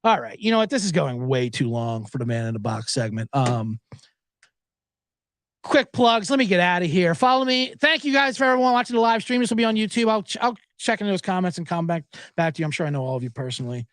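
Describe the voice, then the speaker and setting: A man hosts a podcast, rambling through a profane story. His voice sits high and swings widely in pitch. The close mic sounds dry, with no room echo. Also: expressive, quick pace, fairly bright tone. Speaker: podcast host. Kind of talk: casual storytelling monologue.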